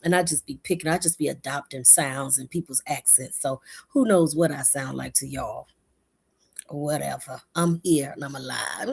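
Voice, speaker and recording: A woman from Florida hosting a short devotional talk, animated and casual, repeating short phrases for emphasis. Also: very deep voice, moderate pace, vocal fry, slightly rough. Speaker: host of a short devotional show.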